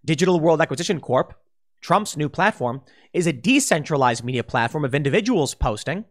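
A man's voice: on the high side, expressive, a little fast, background noise. Combative man ranting commentary. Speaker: political commentator. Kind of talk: opinion commentary.

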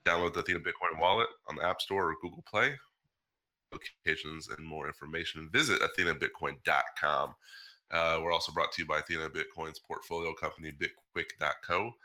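A man's voice: extremely low pitch, steady tone, fairly quick, sharp tone. A man hosting a podcast, reading sponsor ads in a breezy, joking way. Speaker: podcast host. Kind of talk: casual chat and ad reads.

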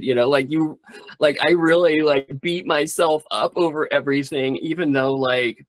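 A man's voice: a little high, fairly even intonation, normal speed, no room sound. A man who does stand-up comedy talking in a rambling, candid way, swearing freely in a casual interview.

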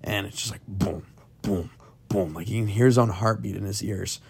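A man's voice: lowish voice, steady tone, fast, gravelly, husky. A young man telling a spooky story to friends in a casual, rambling way, full of "like" and "um.". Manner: rambling, heavy on "like" and "um" fillers. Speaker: podcast storyteller.

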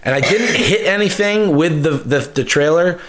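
A man's voice: a little high, normal speed, fairly bright tone. Profane, rambling young man telling stories. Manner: loose, profane, rambling storyteller. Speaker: podcast co-host. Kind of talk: casual storytelling chat.

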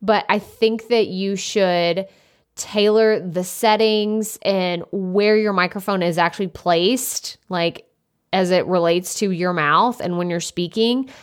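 A young adult woman hosting a solo podcast, chatty and naturally loud, speaking into a desktop USB microphone with many casual fillers. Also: on the low side, slow. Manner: chatty, lots of "like" fillers, self-described loud. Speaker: podcast host.

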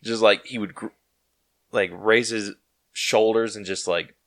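A man hosting a casual podcast chat, excitable and full of "like" fillers. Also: on the low side, unhurried, dry recording. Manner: excitable, heavy use of "like" fillers. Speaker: podcast host.

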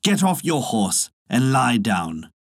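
A man voicing a sly old soldier, speaking slowly and calmly with a husky voice. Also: medium pitch, no echo, studio quality, exaggerated voice. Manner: slow, unhurried, sly. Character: sly old soldier trickster, smooth and calm.

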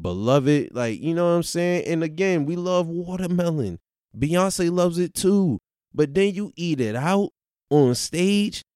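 A man's voice: a little high, darkish tone, clear, resonant tone, dry recording, studio quality. A man giving a casual, slangy, disappointed rant about a music battle, chuckling now and then. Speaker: commentator.

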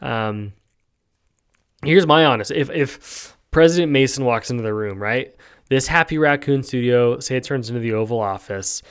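Talking at a normal speed, the man has a clear, resonant, medium-pitched voice. He's an American hosting a podcast, casually rambling through his opinions with lots of fillers and repeated "right?"s.

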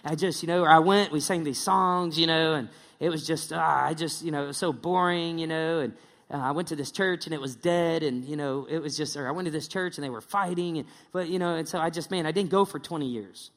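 A man's voice: fairly high pitch, a little fast, a bit bright, big-room sound. A male pastor preaching a casual, joking sermon, slipping into mocking impressions.

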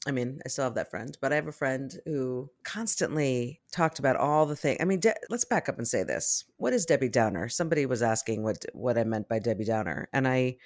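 A woman's voice: rumbling low, expressive, a little fast, hardly any pauses, a little mellow, no echo, studio quality. A woman co-hosting a casual talk show, reflective and chatty, reading out listener comments. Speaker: podcast co-host. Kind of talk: casual chat.

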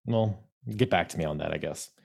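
Talking wrestling casually on his podcast, the host, a man with a low-pitched, gravelly and slightly mellow voice, stumbles along with many fillers and restarts. He laughs easily.

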